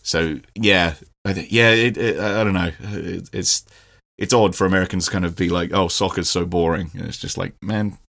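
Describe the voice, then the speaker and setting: A man co-hosting a podcast in casual chat, rambling and sweary, quick to laugh. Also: low voice, steady tone, gravelly, fairly bright tone. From Britain. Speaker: podcast co-host.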